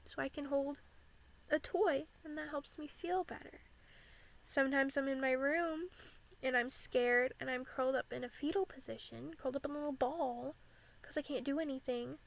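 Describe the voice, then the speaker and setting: A woman's voice: high-pitched, steady tone, normal speed, creaky, low-quality recording. A young American woman vlogging candidly about living with anxiety, saying "like" often. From United States. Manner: candid and earnest, frequent "like" fillers.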